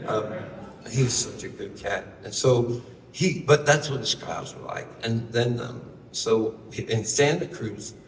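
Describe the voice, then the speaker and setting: A man's voice: medium pitch, takes it slowly. A man telling a loose, wry story on stage between songs, profane and full of asides. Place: live concert venue. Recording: roomy live hall, from far off, guitar behind.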